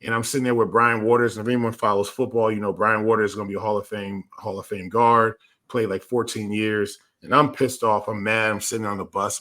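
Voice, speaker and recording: A man's voice: on the low side, level tone, brisk, sharp tone. A man who used to play pro football, talking through game takes in an emphatic, storytelling way that often repeats itself. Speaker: former NFL player, co-host. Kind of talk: casual sports talk.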